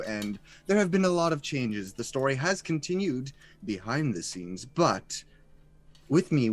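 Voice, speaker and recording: A man hosting a live tabletop game as dungeon master, chuckling and improvising his way through the introductions. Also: mid-range voice.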